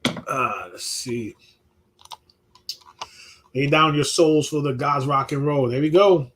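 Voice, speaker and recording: A man's voice: fairly high pitch, slow pace, a bit bright, a little hiss or hum. Swearing New man chatting casually. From New York. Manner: laid-back, swears freely, many restarts and laughs. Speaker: host reading chat questions. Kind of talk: casual live-stream chat.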